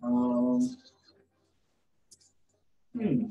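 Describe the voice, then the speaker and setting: A man's voice: medium pitch, animated, very slow, warm tone, distant mic, muffled recording. Offhand man in an echoey room. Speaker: player. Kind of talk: casual tabletop game play. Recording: roomy echo.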